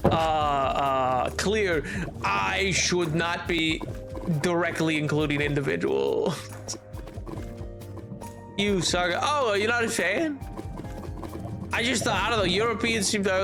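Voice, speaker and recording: High-voiced man rambling casually on stream. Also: sing-song, a little slow, music in the background. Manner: rambling, frequent restarts and stammers. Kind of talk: casual chat with stream chat while gaming. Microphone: headphones on while streaming.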